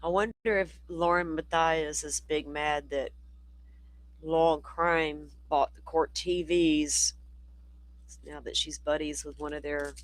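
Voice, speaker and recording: A man's voice: a little high, fairly even intonation, slow, dry recording, poor audio. A man hosting a livestream, chatty and rambling, his voice worn from talking all day. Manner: chatty, rambling, talks to chat. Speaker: livestream host. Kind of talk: casual live commentary.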